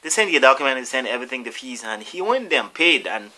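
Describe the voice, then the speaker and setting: A man's voice: mid-range voice, big pitch swings, fast talker, pushed and bright. A man vlogger telling a long story casually, rambling with restarts and acting out the people in it. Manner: rambling, restarts and acts out all the voices.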